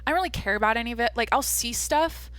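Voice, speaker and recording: A young woman hosting her own podcast, chatting casually in a rambling, jokey way with lots of fillers and a deadpan streak. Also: a little high, quick pace. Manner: self-described deadpan. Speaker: podcast host. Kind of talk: casual solo podcast chat.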